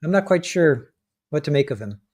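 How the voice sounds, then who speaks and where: Male co-host, trial-commentary stream, halting delivery with frequent restarts. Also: on the high side, animated, darkish tone. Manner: hesitant, restarts often, chuckles while reading out legal points. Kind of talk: casual live commentary.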